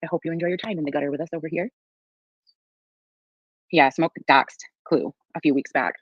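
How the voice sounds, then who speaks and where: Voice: mid-range voice, a little fast, slightly rough, dry recording, muffled recording. A streamer commenting sardonically on played clips and thanking viewers in casual livestream talk. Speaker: livestream co-host.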